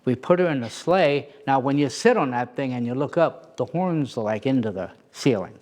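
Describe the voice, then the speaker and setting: This man, who plays Santa, shares a casual anecdote with real animation, performing the voices of everyone in it. His voice sits in the mid range and moves at a normal speed.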